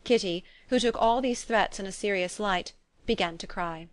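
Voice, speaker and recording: Female audiobook narrator, measured and even, dry close sound. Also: mid-range voice, dry recording. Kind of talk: scripted narration.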